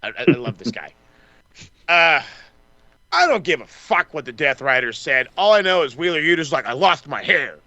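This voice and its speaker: A man chats through a wrestling recap on a podcast, profane and excitable. He drops into short mocking impressions of wrestlers. His voice is bright and punchy, sitting a little high, and the sound is dry and close to the mic. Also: normal speed, long pauses, no echo, lo-fi sound. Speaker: podcast co-host. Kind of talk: casual wrestling recap chat.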